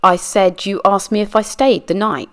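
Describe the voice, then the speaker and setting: A woman's voice: medium pitch, steady tone, normal speed, fairly bright tone, natural voice. A woman reading a deposition aloud, voicing a guarded woman witness who gives short, evasive answers. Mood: terse, guarded. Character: guarded adult woman witness under questioning. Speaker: true crime channel reader. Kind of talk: read-aloud deposition reenactment.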